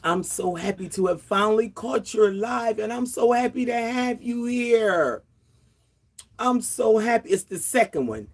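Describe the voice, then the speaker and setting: Woman, 60s, livestream host; casual chatter outdoors, quick to laugh, greets viewers. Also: a little high, expressive.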